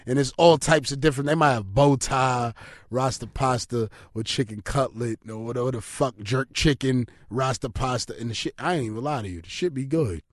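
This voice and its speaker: A man telling loud, profane stories in casual chat with friends. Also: mid-range voice, fairly quick, no room sound. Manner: profane, animated storytelling.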